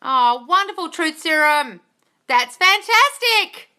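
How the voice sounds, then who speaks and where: A woman manifesting coach hosting a casual live Q&A, gushing and excitable, calling listeners darling and swearing freely. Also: very high voice, takes it slowly. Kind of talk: casual live-stream Q&A, reading viewer comments.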